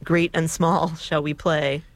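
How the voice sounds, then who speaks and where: A woman's voice: deep voice, flat delivery, slow pace, no room sound. Woman co-host, casual radio chat, dry close-miked sound, easy and talkative. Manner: chatty, laughing, with many fillers.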